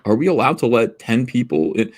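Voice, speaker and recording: A man's voice: medium pitch, sing-song, fairly quick. A man hosting a livestream over a remote call, telling rambling anecdotes in blunt, profane casual chat. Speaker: livestream host.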